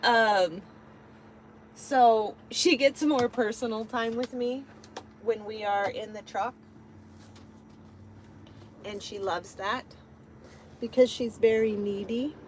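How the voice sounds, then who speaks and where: A woman's voice: on the high side, fairly even intonation, slow, long pauses, slight background noise, poor audio. A woman truck driver chatting casually on a live stream from her truck cab, rambling with lots of ums.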